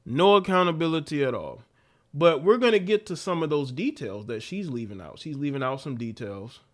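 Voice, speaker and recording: A man's voice: a little high, lively intonation, normal speed. A man hosting a live stream, talking in loose, repetitive slang. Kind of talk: casual commentary.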